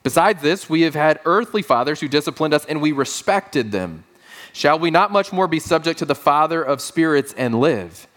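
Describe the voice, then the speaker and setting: Man preaching with lively pitch leaps. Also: normal speed. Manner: humorous storytelling with deadpan quoted dialogue. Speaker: pastor. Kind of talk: sermon.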